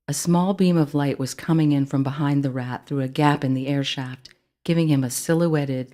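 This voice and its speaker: An author reading their own children's book aloud, in clear, steady storytelling narration. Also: medium pitch.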